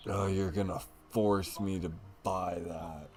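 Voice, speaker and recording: A man's voice: sits low, fairly even intonation, takes it slowly, darkish tone. A man livestreaming a city-building game, thinking aloud as he plays and easily amused. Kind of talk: casual gaming chat.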